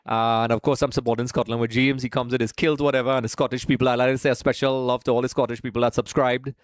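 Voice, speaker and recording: A man's voice: mid-range voice, flat delivery, fast talker, no echo. A man from Trinidad, hosting a live watch-along stream in a casual, chatty way, greeting viewers by name and calling them folks.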